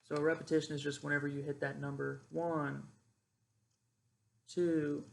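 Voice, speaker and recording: Gravelly young man explaining drill calls. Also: fairly high pitch, level tone, moderate pace. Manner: demonstrates loud drill cadence calls between casual explanation. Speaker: ROTC cadet instructor. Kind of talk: informal instructional explanation.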